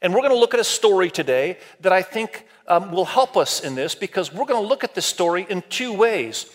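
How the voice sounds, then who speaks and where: A man delivering a sermon, with a voice that sits a little higher than most men's. He preaches in a lively, conversational way and often turns to the congregation with questions and calls for a show of hands. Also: a little fast. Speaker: pastor. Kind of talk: sermon to a multi-campus church.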